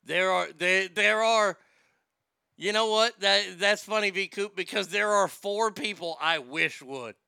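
Male host, casual rambling chat, stammers and swears, smooth resonant voice. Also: high voice, a little slow, bright, forceful tone, dry recording, clean studio sound. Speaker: show host.

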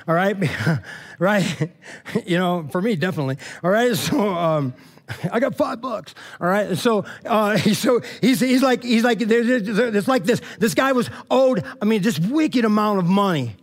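A man's voice: sits high, expressive, measured pace. A man, a pastor, preaching a casual sermon and retelling scripture in loose, slangy, chatty language with many restarts.

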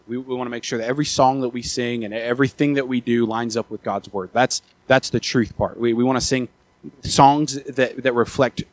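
Dry-voiced man preaching a sermon. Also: no room sound. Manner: builds from quiet talk to loud, high-pitched urgency; repeats words and restarts often. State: out of breath after the peak.

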